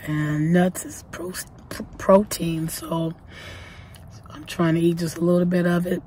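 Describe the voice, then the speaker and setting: Low-voiced woman vlogging, hoarse with a cold. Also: level tone, a little slow, warm tone, slight background noise. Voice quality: weak, partly whispering voice. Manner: chatty, thankful, self-correcting. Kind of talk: casual vlog talk. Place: parked car.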